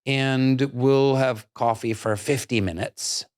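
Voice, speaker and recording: A middle-aged man hosting a podcast, talking in an animated, self-deprecating way. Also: medium pitch, takes it slowly, clear, resonant tone, dry recording, clean studio sound. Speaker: podcast host. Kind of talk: casual interview conversation.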